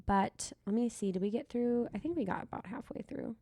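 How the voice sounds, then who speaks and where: A woman co-hosting a podcast talks in a relaxed, conversational way. Her voice has a gravelly fry, and her pitch sits mid-range. The sound is dry and close. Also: a little fast, no room sound. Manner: easygoing, wraps up the episode. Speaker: podcast co-host. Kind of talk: casual chat.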